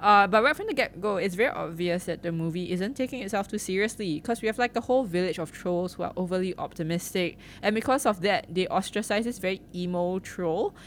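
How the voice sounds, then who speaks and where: A woman, co-hosting a casual chat about films. She talks in an animated, giggly way and uses plenty of fillers. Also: on the low side, a little fast, few pauses, a little hiss or hum. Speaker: podcast co-host.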